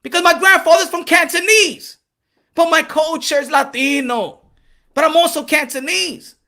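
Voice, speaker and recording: Very high-voiced fervent man preaching. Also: fairly even intonation, moderate pace. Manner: preachy, fervent, switching between English and Spanish; rises to shouting when worked up. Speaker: boxing channel host. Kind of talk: impassioned commentary to camera.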